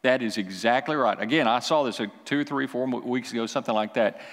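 A man's voice: mid-range voice, fast talker. Emphatic preacher man in a big hall. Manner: emphatic, repeats lines for the congregation. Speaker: pastor. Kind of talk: sermon.

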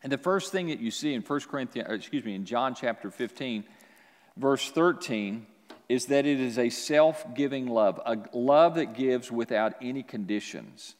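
A man preaching a sermon as pastor, with animated delivery that swings from quiet to loud. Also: medium pitch, a little slow, big-room sound.

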